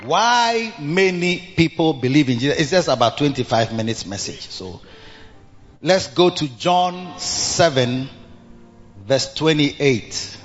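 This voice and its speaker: A man preaching a sermon, reading scripture in a slow King James cadence and rising in pitch when he repeats phrases for emphasis. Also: sing-song, faint music behind. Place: church hall. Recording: muffled church recording, long hall reverb.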